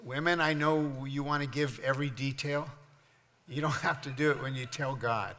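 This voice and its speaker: An older man preaching a sermon as pastor, joking through a story and then building into loud, fervent preaching. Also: medium pitch, fairly even intonation, moderate pace. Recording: long hall reverb.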